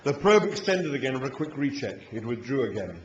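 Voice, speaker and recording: A man narrating a story aloud in a lively, expressive way at a live reading in a hall. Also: mid-range voice, brisk, muffled recording. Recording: echoey hall, faint noise.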